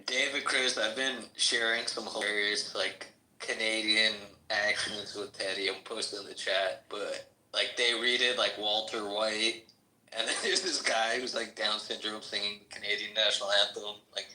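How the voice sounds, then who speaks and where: A man's voice: on the low side, fairly even intonation, normal speed, bright, forceful tone, reverberant, rough recording. A man in a casual group podcast chat who tells rambling stories while laughing.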